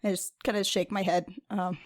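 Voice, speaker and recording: A woman's voice: mid-range voice, level tone, brisk. A woman playing a tabletop game, talking in a casual, wry manner. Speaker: player.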